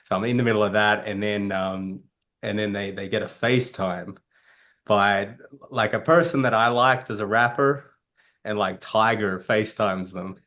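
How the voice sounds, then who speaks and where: A man's voice: lowish voice, normal speed, a bit bright. A man, a dating coach, telling a rambling, profane story on a panel and laughing at himself.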